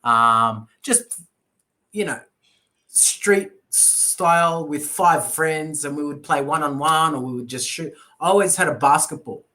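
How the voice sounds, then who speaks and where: An English tutor, a man, chats through a casual video-call lesson. He tells stories in an animated, playful way, with lots of fillers and asides. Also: a little high, a little slow. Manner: animated storyteller, playful and chatty.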